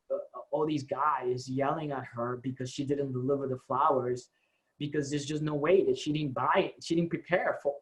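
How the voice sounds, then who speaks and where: Man, company co-founder, lively storytelling, acts out the voices, casual talk to staff. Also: fairly high pitch, low-quality recording. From United States. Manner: animated storytelling, acts out quoted dialogue.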